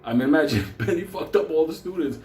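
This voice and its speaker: A man's voice: a little high, animated, fast, a little mellow. A middle-aged man telling a crude, rambling story, swearing constantly and often laughing. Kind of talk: casual profane storytelling. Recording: roomy echo with faint hum.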